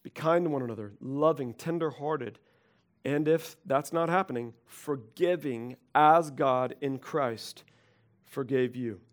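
A middle-aged male pastor preaching a conversational sermon, animated and acting out quoted voices. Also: mid-range voice, a little slow.

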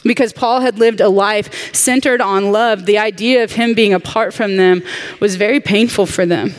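A woman teaching a Bible lesson to a women's study group, earnest and heartfelt with chatty asides, tired from jet lag. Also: medium pitch. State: jet lagged.

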